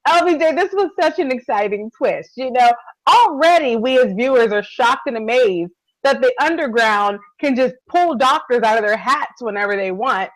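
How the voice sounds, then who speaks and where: A woman co-hosting a casual TV recap chat, expressive and quick to laugh. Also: a little high, no echo, poor audio. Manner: expressive, laughs often, keeps addressing co-host. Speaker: podcast co-host.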